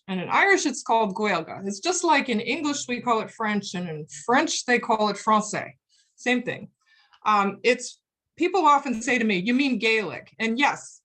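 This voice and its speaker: A woman's voice: mid-range voice, fairly bright tone. A woman giving a friendly, explanatory lecture in a virtual presentation, over a computer microphone. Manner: friendly, explanatory, with frequent ums.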